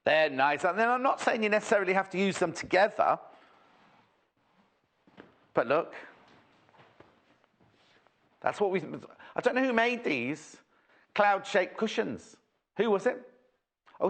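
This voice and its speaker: Lively man presenting on air. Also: high voice, a little slow, pauses often. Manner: rambling, jokey and self-chatting, with many asides. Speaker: TV shopping presenter. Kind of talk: chatty live sales presentation.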